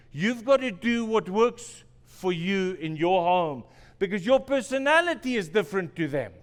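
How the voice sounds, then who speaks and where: A man with a high, smooth, resonant voice preaches to his congregation, telling personal stories with a joking, self-deprecating touch and repeating key phrases. His words ring out through a church with a long, echoing reverb. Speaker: pastor. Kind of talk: sermon. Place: church sanctuary.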